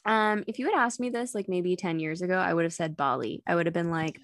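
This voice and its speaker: A woman's voice: lowish voice, fast talker, no echo, clean studio sound. A young woman in her twenties, a guest chatting casually and telling stories with frequent giggles. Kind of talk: casual chat.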